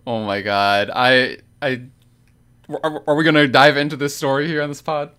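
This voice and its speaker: A man co-hosting a casual gaming podcast, talking in a relaxed way with frequent "like" and quick laughs. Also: mid-range voice, clear, resonant tone. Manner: relaxed, laughing, lots of fillers.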